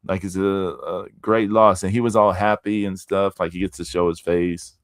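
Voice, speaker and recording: Deep-voiced man, dry close sound. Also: steady tone, normal speed, dry recording. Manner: easygoing, reads listener comments. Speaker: podcast host. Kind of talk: casual wrestling chat.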